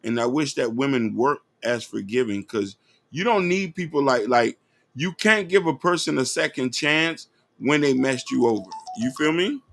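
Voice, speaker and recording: Gravelly man rambling commentary. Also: medium pitch, moderate pace, fairly bright tone. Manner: rambling, with stumbling restarts and "you know what I mean". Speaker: host reacting to a clip. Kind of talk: casual commentary.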